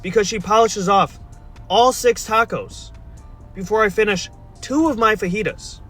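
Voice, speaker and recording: A young man in a played clip, telling a dating story in a casual storytime style, exasperated, wry and deadpan. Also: high-pitched, moderate pace, breathy edge, soft background music.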